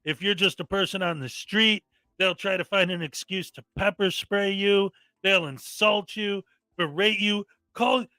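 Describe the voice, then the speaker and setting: High, bright-voiced man ranting in commentary. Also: a little slow, no echo. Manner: exasperated, mocking, often mimics people angrily. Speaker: commentary host.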